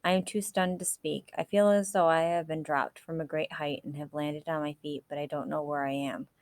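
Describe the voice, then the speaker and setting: A woman with a low voice reads a novel aloud at a measured pace. Now and then she stops to fix a slipped word. The recording is close and dry. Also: steady tone, darkish tone, no echo. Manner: measured reading with small self-corrections. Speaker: audiobook reader.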